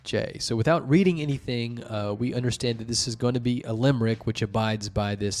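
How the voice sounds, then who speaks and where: A man's voice: mid-range voice, a little fast, a little mellow. A man hosting a show, reviewing wiki articles in casual, rambling commentary full of fillers and restarts. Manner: rambling, many fillers and restarts, explains at length.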